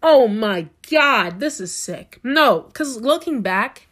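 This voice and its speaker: A young woman with a fairly high voice tells a storytime vlog straight to her viewers. She talks dramatically, cringing, exclaiming and laughing as she goes, and swears freely. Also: lively intonation, takes it slowly, a bit bright. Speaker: vlogger telling a story.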